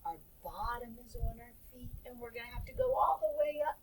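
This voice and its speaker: A woman's voice: high voice, huge pitch swings, brisk, vocal fry, recorded from a distance, slight background noise, poor audio. A woman guiding children through a playful movement story, wide-eyed and often dropping into whispers. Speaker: kids yoga story guide.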